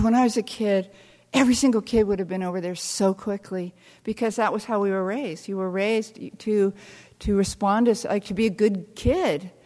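An older woman giving a talk to an audience, telling wry, self-deprecating stories in an animated way. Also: mid-range voice. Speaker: speaker. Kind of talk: storytelling talk to a live audience. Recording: long hall reverb.

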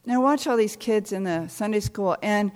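An older American woman telling stories with wry humor, talking haltingly with many restarts. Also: medium pitch, a little mellow, long reverb tail. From United States. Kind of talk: reflective storytelling talk.

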